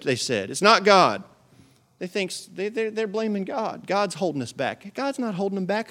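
A man preaching a sermon in a church, his voice pitched a little high for a man. He drives points home with repetition, swinging from loud, rising calls down to quiet asides. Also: very animated, normal speed. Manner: emphatic preaching with repeated phrases and big swings in volume. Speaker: pastor.

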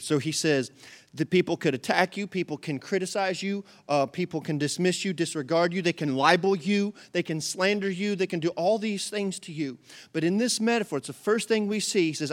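A man preaching a sermon to a congregation, passionate, with repeated rhetorical questions and calls to the audience. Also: on the high side. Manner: passionate preaching, rising to near-shouts when voicing God. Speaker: pastor.

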